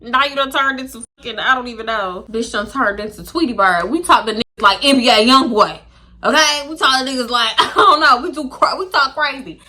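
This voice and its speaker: A woman's voice: on the high side, fairly quick. A young woman telling a casual, slangy story to camera and acting out the people in it. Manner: animated, slangy, swearing, acts out voices. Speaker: storytime vlogger.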